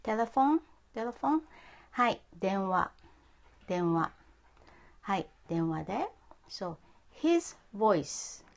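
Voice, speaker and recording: A woman teaching a live-streamed language lesson. She speaks slowly and patiently, repeating words for her viewers, with a gravelly edge to her voice. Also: mid-range voice, very animated. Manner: patient, repeats phrases, mixes English and Japanese. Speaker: Japanese teacher. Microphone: phone.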